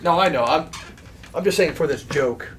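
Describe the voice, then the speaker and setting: A man hosting a casual gaming chat, trading quick jokes with a friend. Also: fairly high pitch, noisy background. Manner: joking, quick banter. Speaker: gaming channel host.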